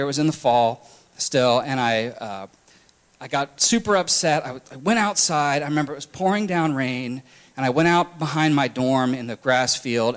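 A young man telling his personal story candidly, halting often with restarts and fillers. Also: mid-range voice. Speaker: testimony speaker. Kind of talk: personal testimony talk.

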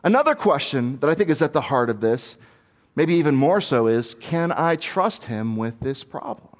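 Earnest man preaching, fairly high voice. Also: very animated, moderate pace. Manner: earnest, thinks aloud, candid. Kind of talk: conversational sermon.

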